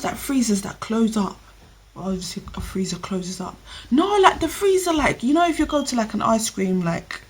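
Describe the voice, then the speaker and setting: A woman's voice: fairly high pitch, a little hiss or hum. A woman giving opinion commentary on her vlog, talking emphatically and straight to her viewers. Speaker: vlogger.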